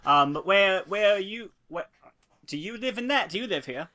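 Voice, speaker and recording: A man's voice: high-pitched, animated, normal speed, sharp tone, pitched above the performer's own voice. A man voicing a cheerful, eccentric male time traveler in a breezy, rambling, jokey way, recorded remotely. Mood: playful. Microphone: remote home mic.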